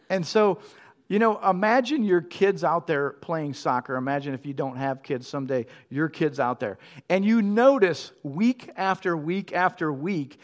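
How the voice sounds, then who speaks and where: Conversational preaching man, fairly high voice. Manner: conversational preaching with quick storytelling asides. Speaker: pastor. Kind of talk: sermon.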